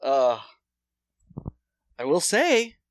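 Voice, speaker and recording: A man's voice: on the high side, wildly swooping pitch, very slow, dry recording. A man telling rambling, profane stories in a casual chat.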